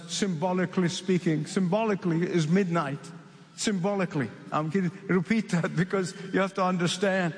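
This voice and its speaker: A man from the Middle East preaching a sermon, emphatic and repeating key phrases with slow dramatic pauses. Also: high voice. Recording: long reverb of a large hall.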